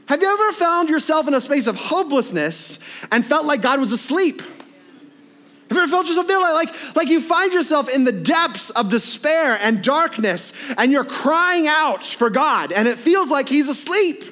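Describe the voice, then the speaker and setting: A man preaching a sermon in a conversational, animated way, with frequent asides and tag questions to his listeners. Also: very high voice, moderate pace.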